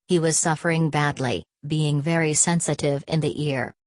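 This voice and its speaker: Low-voiced woman reading an audiobook. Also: fairly even intonation, normal speed, hardly any pauses, darkish tone, dry recording. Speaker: audiobook narrator. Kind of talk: scripted narration.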